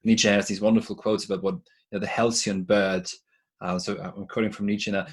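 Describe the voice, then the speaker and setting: A man with a low, husky voice talks as a podcast guest over a remote call. He explains ideas thoughtfully, stumbling and restarting his words now and then as he builds a point. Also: little pitch movement, a little fast. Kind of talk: casual conversation.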